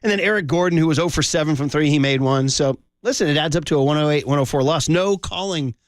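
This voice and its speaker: A man's voice: on the high side, fast talker, no room sound, clean studio sound. A man hosting a sports talk radio show, chatting casually and animatedly with his co-host and laughing often. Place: radio studio.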